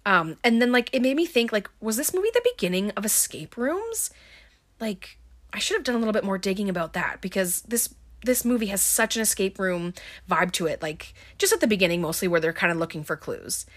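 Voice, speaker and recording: A woman's voice: medium pitch, expressive, a little fast. A woman casually recapping a movie plot, chatty and filled with ums and likes, with wry offhand asides. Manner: chatty, heavy on filler words.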